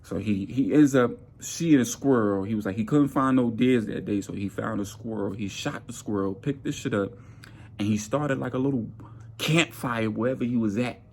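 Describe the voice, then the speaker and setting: A man telling a workplace story in a casual monologue, animated, acting out his coworkers' lines. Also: moderate pace, vocal fry, slight background noise. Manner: animated, acts out coworkers' lines with jumps in pitch.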